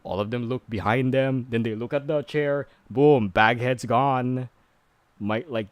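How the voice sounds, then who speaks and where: A man's voice: mid-range voice, measured pace, smooth, no room sound. A man streaming a casual movie recap, rambling with many fillers and growing exasperated.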